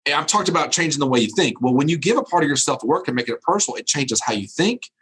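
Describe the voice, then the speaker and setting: Husky, lively motivational keynote man. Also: a little high, fast. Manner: preachy, emphatic with repeated phrases. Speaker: keynote speaker.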